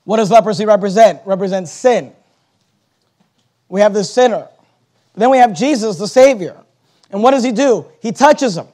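A man preaching from the pulpit in a high, ringing voice. He leans hard on scripture lines and stretches out the words he wants to land. Then he rattles off quick side remarks to the congregation. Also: dark tone. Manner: preaching, reading King James scripture aloud with emphasis; slows down to stress key words, rushes asides. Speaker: pastor. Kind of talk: sermon.

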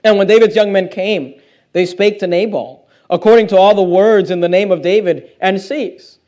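A man's voice: high voice, moderate pace, darkish tone. A man preaching a sermon in a conversational way, reading scripture aloud and putting questions to the congregation.

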